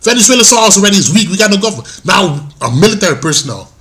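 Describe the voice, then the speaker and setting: Man, from Guyana, angry vlog rant, heavy swearing, confrontational, high-pitched, sharp tense voice. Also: big pitch swings, very fast. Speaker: political commentator. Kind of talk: ranting vlog monologue.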